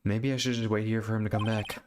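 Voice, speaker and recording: A man's voice: fairly low pitch, flat delivery, fast talker, noisy background. A man reading a story game aloud in casual let's-play style, hesitant, with wry asides. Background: video game music.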